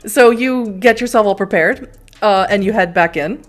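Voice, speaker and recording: A woman acting as storyteller for a tabletop horror game, narrating scenes and calling for dice rolls, chatty and quick to laugh. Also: medium pitch. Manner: laughs often, chatty, easily amused.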